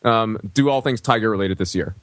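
A man's voice: lowish voice, brisk, a bit bright. A man on a podcast panel, talking in a chatty, playful and self-deprecating way. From Korean heritage. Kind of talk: casual podcast chat.

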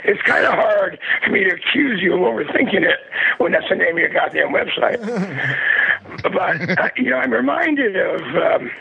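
A man with a deeply gravelly, rough voice calls in over a muffled phone line. He talks in a sardonic, profane way, laughs often, and swings his pitch all over the place. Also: sing-song, moderate pace. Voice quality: raspy gravelly. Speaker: phone-in guest. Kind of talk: casual phone interview. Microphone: phone headset.

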